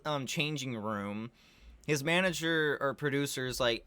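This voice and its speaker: Bright-voiced young man ranting about a movie. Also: medium pitch, lively intonation, a little slow, smooth, no room sound. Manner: rambling, swears a lot, heavy on fillers like "like". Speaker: video creator reviewing a movie. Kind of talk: casual movie recap rant.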